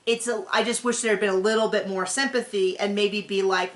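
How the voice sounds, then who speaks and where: A woman's voice: medium pitch, steady tone, fairly quick, hardly any pauses. Woman podcast host, casual and opinionated, lots of restarts, kinda echoey room. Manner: opinionated, chatty, with frequent restarts. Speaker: podcast host recapping a reality show. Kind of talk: casual chat. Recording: roomy echo.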